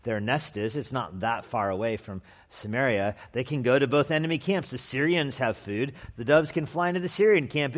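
A man preaching an expository sermon as pastor in a conversational manner with wry asides, sometimes acting out quoted voices. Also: mid-range voice. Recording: long hall reverb.

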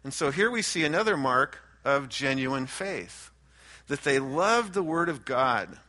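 Pastor guy preaching thru the verses, bright punchy voice, earnest, restarts a lot. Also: medium pitch, unhurried. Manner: earnest, animated when quoting, restarts phrases. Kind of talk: expository sermon.

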